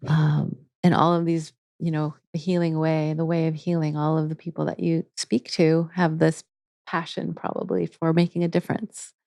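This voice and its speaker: A woman's voice: deep voice, flat delivery, moderate pace, vocal fry, mellow, no echo, studio quality. A woman guest in a podcast interview, talking earnestly about her teaching with frequent restarts. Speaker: guest, integrative therapy teacher. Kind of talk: casual interview talk.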